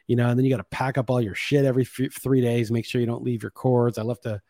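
Profane ranting podcast host, dry mic. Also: male voice, mid-range voice, little pitch movement, quick pace, warm tone, dry recording. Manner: rambling, profane venting. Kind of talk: casual monologue.

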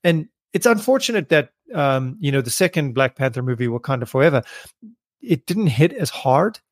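A man's voice: mid-range voice, sing-song, normal speed, no room sound, studio quality. A man hosting a solo podcast, talking casually and thinking aloud with frequent fillers and restarts. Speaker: podcast host.

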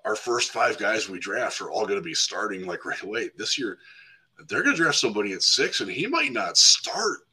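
A man chatting casually as a football guest on a podcast, talking in quick loose runs with lots of 'like' and restarts. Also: on the low side, sing-song, bright, forceful tone, husky, rough recording.

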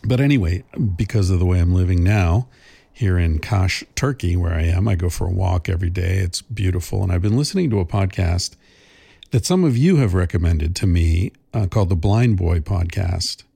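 A man's voice: deep voice, normal speed, gravelly, mellow, slightly rough, dry recording. A middle-aged man hosting a podcast, talking casually in a thoughtful, rambling way with many fillers and restarts. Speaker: podcast host. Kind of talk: casual monologue.

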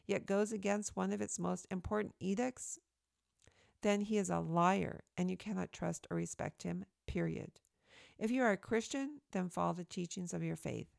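A woman reading her own opinion essay aloud in an earnest, emphatic, steady way, recorded close to the mic. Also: mid-range voice, vocal fry, dry recording.

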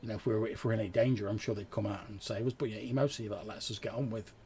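A man's voice: fairly low pitch, steady tone, mellow, a little hiss or hum, lightly acted. A man doing a chatty young local lad. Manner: rambling, halting speech.

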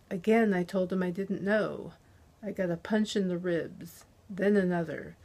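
A woman narrating a thriller audiobook in the first person, with a tense, unhurried delivery. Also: fairly low pitch, gravelly, darkish tone, slightly rough.

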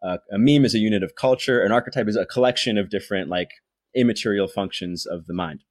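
Young man, podcast host, lowish voice, dry close sound, rambling casual talk, lots of ums and restarts. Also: quick pace, dry recording. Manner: rambling, many fillers and restarts. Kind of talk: casual explanatory monologue.

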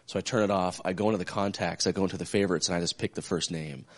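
A man casually telling a story in a church group, lively and acting out the phone calls he describes. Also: low-pitched, rapid-fire. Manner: animated, acts out phone calls. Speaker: church small-group member.

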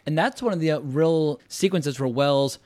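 A man's voice: on the high side, moderate pace, a little mellow, no echo. A man hosting a film podcast, giving blunt, fluent opinions in casual conversation. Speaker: podcast host.

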